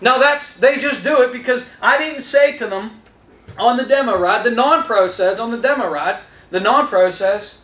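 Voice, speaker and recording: A man with a very high, bright voice coaches salespeople, talking straight to his trainees and acting out his own lines to customers. The talk sounds energetic, and his voice rings in an echoey room. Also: normal speed. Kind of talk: instructional talk with acted-out dialogue.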